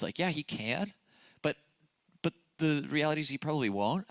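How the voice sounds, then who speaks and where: A young youth pastor with a fairly high, slightly bright voice, nasal from a broken nose, speaks briskly and animatedly on a church youth service stage. His sermon is casual and chatty, packed with fillers and self-deprecating stories, and the recording is dry.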